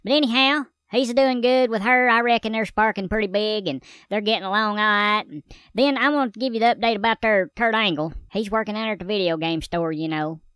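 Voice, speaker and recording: A woman's voice: medium pitch, fairly quick, fairly bright tone, smooth, dry recording, close to an everyday voice. A woman doing a folksy country man. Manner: rambling, homespun drawl. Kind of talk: comedy character monologue.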